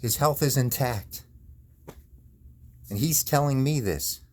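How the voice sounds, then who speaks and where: A video maker suffering chronic pain rants angrily in a monologue full of profanity and repetition. He speaks slowly in a medium-pitched voice, leaving long pauses.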